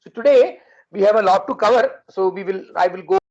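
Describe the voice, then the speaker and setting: A man leads a class, patiently repeating each word for his students. His voice has a gravelly, creaky edge. The audio is dull and lo-fi. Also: high voice, a little fast, darkish tone. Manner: patient, repeats and drills words. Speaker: language teacher. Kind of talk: online class lesson.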